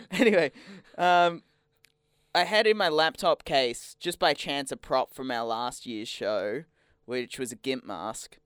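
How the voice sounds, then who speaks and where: A man's voice: medium pitch, slow, a bit bright, smooth, no room sound, studio quality. A man, co-hosting a casual comedic chat, laughing often and acting out voices as he tells stories. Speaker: podcast co-host.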